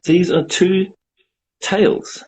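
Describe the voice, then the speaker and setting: A man's voice: sits high, level tone, drawn-out words, a little mellow, rough recording. A middle-aged man chatting as a guest on a video call, rambling with dry, self-mocking humor. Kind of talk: casual chat.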